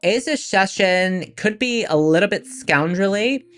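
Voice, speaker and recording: A man talking through a voice changer set to a high pitch, chatting in a relaxed way as a stream host. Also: unhurried. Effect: voice changer raising his voice.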